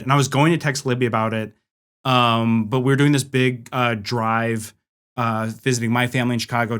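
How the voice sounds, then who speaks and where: A young man from the United States tells a rambling story in casual podcast chat. His voice sits at an ordinary middle pitch, and his talk is full of filler words and restarts. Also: fairly bright tone, smooth. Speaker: guest.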